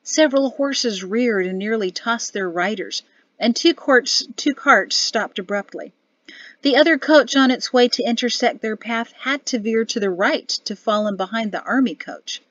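A woman narrating a novel as an audiobook in an even storytelling delivery. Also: on the high side, normal speed, dry recording, muffled recording. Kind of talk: scripted narration.

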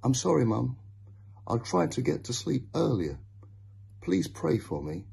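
A man putting on a stubborn teenage girl in a storybook reading, his voice pushed high above his own. She is insistent and dismissive, with a gravelly, husky edge and a lively swing in pitch. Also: a little slow, heavily acted. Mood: pleading. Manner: insistent, brushing off worry.

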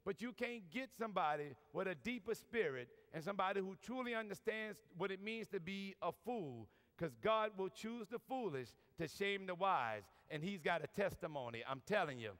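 A New Orleans priest speaks to a big crowd in a convention hall, his high, fairly bright voice expressive and moving at a moderate clip with almost no pauses. His sermon is folksy and full of jokes, sprinkled with plenty of "y'all," and the large room adds a long reverb.

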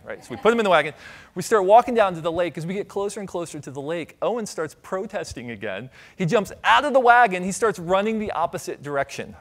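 Middle-aged guy from ohio doing a keynote talk on stage, fairly high voice, jokey storytelling. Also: quick pace. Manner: animated storytelling, audience asides, light humor. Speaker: conference speaker. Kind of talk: keynote talk with audience questions. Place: conference stage.

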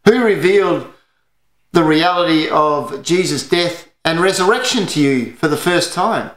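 A man's voice: fairly high pitch, lively intonation, unhurried, a bit bright, reverberant. An Australian man preaching an earnest sermon as pastor, telling stories to his church.

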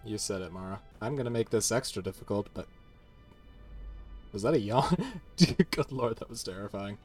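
A man's voice: on the low side, expressive, normal speed, soft background music. A man giving casual gameplay commentary as host, chatty and laughing, swearing now and then as he plays. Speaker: gaming channel host.

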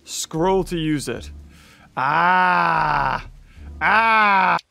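A man giving excitable gameplay commentary, laughing often and yelping at jump scares. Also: fairly high pitch, extremely slow, vocal fry. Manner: excitable, laughs a lot, yelps and shouts at scares. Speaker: gaming YouTuber.

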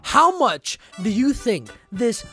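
A man's voice: very high-pitched, sing-song, slow, sharp tone, slightly rough, soft background music. A man hosting a price-guessing game on a live stream, brash and profane, joking with chat. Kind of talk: casual live-stream banter.

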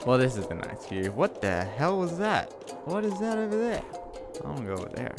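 A man's voice: medium pitch, very animated, fairly quick, over music. A man giving casual let's-play commentary at home into a desk microphone, laughing often and yelping at surprises. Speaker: gaming commentator. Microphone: desk USB microphone.

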